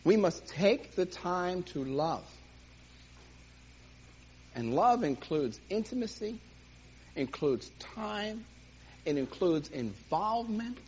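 A man teaching a church class in a lively, jokey way, acting out little scenes, on a dull lo-fi recording with faint hiss. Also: sits high, takes it slowly, pauses often.

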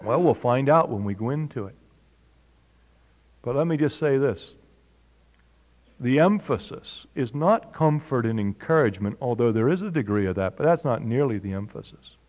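A man's voice: mid-range voice, animated, normal speed, a little mellow. Man teaching scripture in a reverberant hall. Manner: conversational, asks the audience questions. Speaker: preacher. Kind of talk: Bible teaching.

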